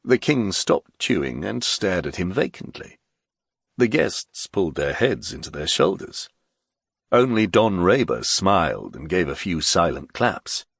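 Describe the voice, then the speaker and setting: A male audiobook narrator reads with expressive storytelling and a highly animated pitch. His voice is gravelly and husky. The recording is close and dry. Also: a little slow, no echo. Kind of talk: scripted narration.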